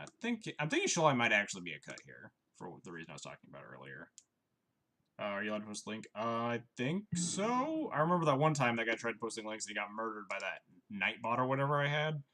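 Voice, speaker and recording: A young man commentating his own card game on a live stream, chatty and wry, thinking out loud. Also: lowish voice.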